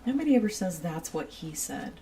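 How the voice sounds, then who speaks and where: A woman's voice: on the low side, sing-song, fairly quick, mellow, recorded from a distance, slight background noise. A woman streaming a building game, rambling and giggling as she chats with her viewers. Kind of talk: casual chat while playing a building game.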